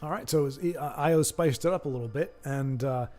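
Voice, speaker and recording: A man's voice: medium pitch, brisk, a little mellow, soft background music. A man giving casual, self-deprecating live-stream commentary on a card game match. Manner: rambling, self-deprecating, joking. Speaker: streamer and caster.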